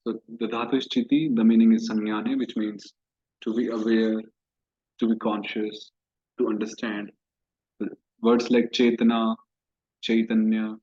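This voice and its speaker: A man's voice: medium pitch, darkish tone. A man teaching Sanskrit grammar in a recorded class, explaining step by step and repeating key terms. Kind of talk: recorded online class lecture. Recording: dull lo-fi recording.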